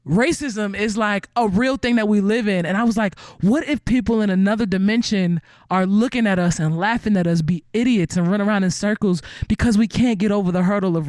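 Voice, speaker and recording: A high-pitched man hosts an online benefit concert, talking casually from home. He rambles and gets animated, with many fillers and restarts. The sound is dry and close, with no room echo. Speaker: host of a virtual benefit concert. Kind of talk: casual hosting chat.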